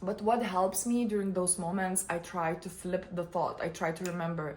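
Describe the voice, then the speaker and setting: Expressive woman vlogger talking candidly. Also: fairly low pitch, normal speed, few pauses, a little hiss or hum. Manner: expressive, animated, laughs often. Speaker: vlogger and coach. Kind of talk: casual personal talk to camera.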